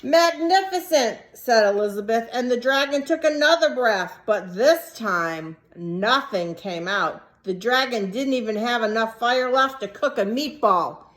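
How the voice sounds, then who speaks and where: A woman with a fairly high voice reads a storybook to young children with animated expression. She pauses often to ask her listeners questions about the story. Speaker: early childhood teacher. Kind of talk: picture-book read-aloud for children.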